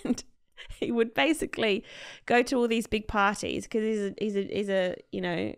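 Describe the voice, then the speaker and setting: A woman in relaxed podcast chat, her voice carrying a gravelly fry at the ends of phrases. She talks at a middling pitch, full of "like" and "um", and slips into other people's voices as she retells a story. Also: normal speed. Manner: chatty, many fillers, acts out quoted people. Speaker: podcast co-host.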